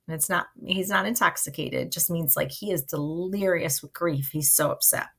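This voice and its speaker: A woman with a lowish voice, teaching in a relaxed, conversational way. She breaks down the play for her students in plain, everyday words, leaning on fillers like "like". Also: moderate pace, creaky, hardly any pauses. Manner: casual, conversational, uses "like".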